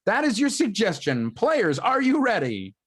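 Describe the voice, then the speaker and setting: A man's voice: high-pitched, huge pitch swings, measured pace, slightly rough. A man hosting a live improv comedy stream, reading out audience suggestions with plenty of ums and laughs. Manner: chatty and loose, with many ums and laughs. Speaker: improv show host.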